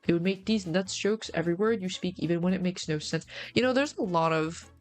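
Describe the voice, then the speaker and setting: A young woman VTuber chatting casually on a live stream, rambling and teasing, with low-quality mic sound. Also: brisk, faint music behind. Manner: rambling, repeats herself, teasing. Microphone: game chat headset mic, low sound quality.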